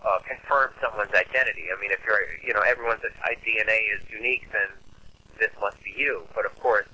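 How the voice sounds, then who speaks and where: A man's voice: on the low side, steady tone, fast talker, pushed and bright, slightly rough, low-quality recording. A man in casual conversation, explaining a film's ideas at length in a thoughtful way, with many fillers. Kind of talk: casual film discussion.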